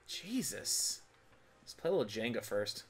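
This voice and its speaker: A man hosting a casual gaming video, narrating his play with frequent swearing, laughter and frustrated shouts. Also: mid-range voice, big pitch swings, measured pace, soft background music. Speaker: gaming channel host. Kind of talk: casual let's-play commentary.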